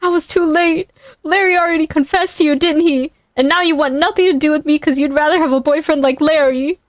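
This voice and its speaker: Woman doing an excitable lovestruck sponge boy. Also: sits high, no echo, studio quality, natural voice. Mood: dramatic. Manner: excitable, rushed and dramatic. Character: eager, nervous young male sea sponge, lovestruck.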